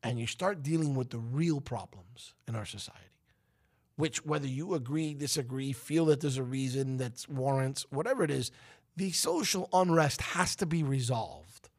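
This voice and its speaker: A man's voice: mid-range voice, expressive, moderate pace, darkish tone. A man hosting a talk show, delivering an emphatic, preachy opinion monologue that rises to outbursts. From United States.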